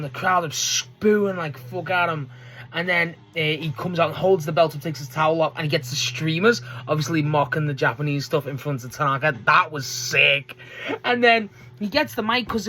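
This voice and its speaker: A young man, recapping a wrestling match in casual chat, excitable and swearing often. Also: fairly high pitch. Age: young adult. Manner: excitable, swears a lot, acts out promo quotes. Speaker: wrestling video host.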